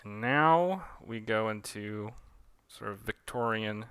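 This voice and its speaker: A man giving a relaxed, rambling commentary on his own comic, with fillers. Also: fairly low pitch, takes it slowly, clear, resonant tone, dry recording. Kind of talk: director's commentary read-along.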